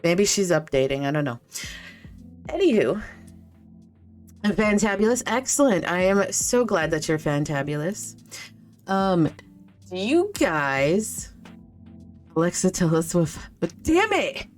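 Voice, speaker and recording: Profane low-voiced woman streamer chatting. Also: lively intonation, a little slow, faint music behind. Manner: rambling, swears freely, chats with viewers. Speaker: game streamer. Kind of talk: casual chat while streaming.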